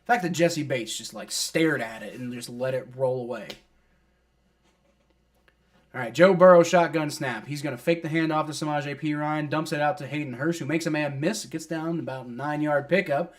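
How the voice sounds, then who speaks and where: Speaking at normal speed in a fairly high voice, this man is a fan doing live play-by-play of a football game. He grumbles at the refs and players in exasperation, swears casually, and fills his speech with words like "like."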